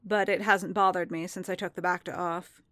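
A woman reading the part of a guarded young man, speaking quietly and hesitantly. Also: lowish voice, flat delivery, normal speed, no room sound, natural voice.

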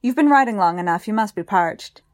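A woman reading the part of a warm, sharp-eyed countrywoman with a rough Yorkshire accent. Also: medium pitch, animated, no echo, clean studio sound, lightly acted. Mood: hospitable. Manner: warm, brisk, hospitable.

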